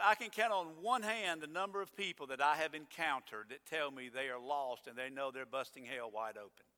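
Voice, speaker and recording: Middle-aged guy preaching, high bright voice, loud punchy lines then quiet asides, long church reverb. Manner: emphatic preaching, rising to loud declarations then dropping low. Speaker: pastor. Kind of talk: sermon. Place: church sanctuary.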